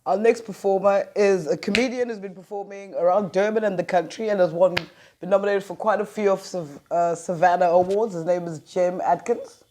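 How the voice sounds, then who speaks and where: A man's voice: high voice, steady tone, fairly quick, noisy background. A man hosting a variety show, casually introducing the next act. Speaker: show host.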